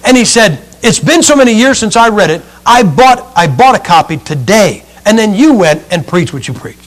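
High-voiced man preaching a sermon. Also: very animated, normal speed. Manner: emphatic, swings between loud and hushed.

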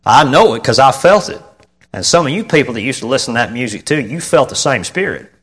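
Animated preacher, man. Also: medium pitch, fast talker, slightly rough. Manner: storytelling with emphatic, repeated phrases and sudden outbursts. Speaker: pastor. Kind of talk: sermon.

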